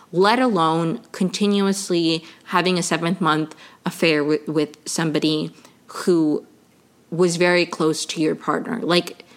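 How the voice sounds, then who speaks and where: Exasperated young woman ranting casually. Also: lowish voice. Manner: exasperated, animated, swears, many fillers. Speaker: podcast host. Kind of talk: casual commentary rant.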